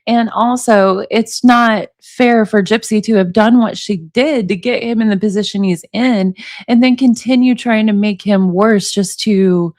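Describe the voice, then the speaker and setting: A woman's voice: a little high, no room sound, studio quality. Woman chatting about a true-crime book. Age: 40s. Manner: chatty, asks viewers for opinions. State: allergies. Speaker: commentary channel host. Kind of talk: casual true-crime commentary, reading book excerpts.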